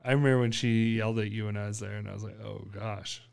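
A man co-hosting a casual podcast, chatting and laughing a lot, his voice trailing off quietly at the ends of thoughts. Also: lowish voice, steady tone, rapid-fire, gravelly, clear, resonant tone. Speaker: podcast co-host. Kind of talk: casual chat.

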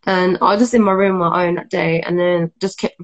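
Young woman, halting storytelling. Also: on the low side, steady tone, dull audio. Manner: halting, full of fillers and restarts. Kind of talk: casual personal storytelling.

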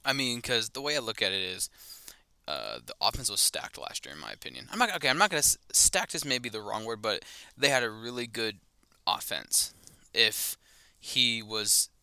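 Male co-host, low pitch, smooth clear voice, rambling and self-correcting. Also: big pitch swings, normal speed, bright, forceful tone, no room sound. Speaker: podcast co-host. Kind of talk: casual sports chat.

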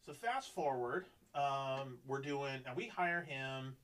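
A man's voice: mid-range voice, slow, recorded from a distance, rough recording. A man telling a long work story in a casual podcast chat, swearing freely and acting out what people said. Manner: profane, animated, acts out quoted dialogue.

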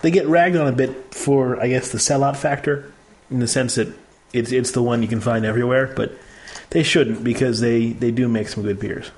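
A man's voice: medium pitch, fairly even intonation, normal speed. A man hosting a casual beer tasting chat, joking and describing flavors and brewery facts. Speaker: host.

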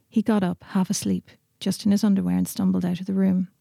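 Gravelly woman reading a short story. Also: mid-range voice, no room sound, clean studio sound. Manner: steady, measured reading. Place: studio.

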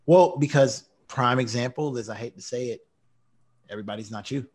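A man's voice: medium pitch, fairly quick. A man co-hosting a podcast, debating animatedly and acting out imagined conversations. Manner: animated storyteller, acts out quotes. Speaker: podcast co-host.

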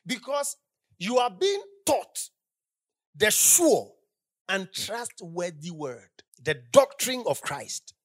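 A woman with a fairly high-pitched voice preaches a sermon in church, holding a handheld microphone at her lips. Emphatic, she swings from loud shouted lines to hushed asides and fires repeated questions at the congregation in call-and-response style.

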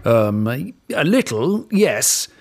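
A man's voice: sits high, huge pitch swings, slow pace, a bit bright, slightly rough, voice pushed up, full character voice. A nervous, blustering king, as a male narrator plays him, his voice pushed well above the narrator's own. He stammers and fumbles his words, flustered and easily rattled.

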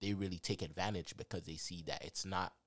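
A man co-hosting a casual chat, bantering with sudden high-pitched exclamations. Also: fairly even intonation, a little fast, no room sound. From Canada. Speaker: co-host.

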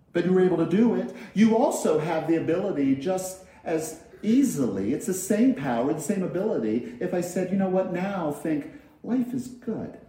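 A man's voice: fairly high pitch, dark tone. A man giving a sermon as a minister, talking in a conversational way, repeating phrases and acting out everyday quotes. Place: large church hall. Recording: very echoey hall.

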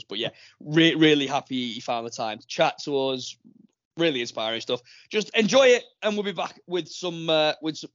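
A man hosts a casual podcast chat, rambling along with lots of ums and uhs. His voice sits at an ordinary middle pitch. The recording is dry and a little dull, with a lo-fi edge. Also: a bit bright, no room sound. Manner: chatty, rambling with many fillers. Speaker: podcast host.

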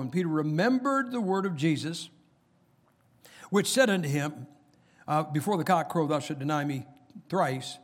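A man's voice: fairly high pitch, animated, moderate pace, pauses often. A middle-aged man preaching a sermon, chatting with the congregation and reading scripture aloud with rising emphasis.

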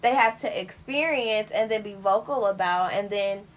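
A woman's voice: medium pitch, moderate pace. A young adult woman in casual podcast chat, speaking earnestly and reflectively in long explaining sentences.

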